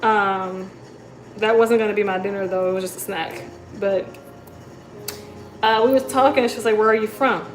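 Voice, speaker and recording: A woman chatting casually on a livestream, reading comments and telling stories in a relaxed, talkative way. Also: mid-range voice, moderate pace, pauses often, roomy sound, soft background music, low-quality recording. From United States. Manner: chatty, storytelling, reads comments aloud. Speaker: livestream host. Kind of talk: casual live chat.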